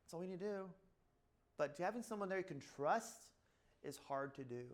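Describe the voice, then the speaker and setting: A middle-aged man with a slightly high voice tells offhand stories about his clinic. He jumps between his own words and acted-out quotes, and he fills his lines with "blah, blah.". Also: animated, moderate pace. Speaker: chiropractor speaking at a seminar. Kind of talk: casual talk to a room.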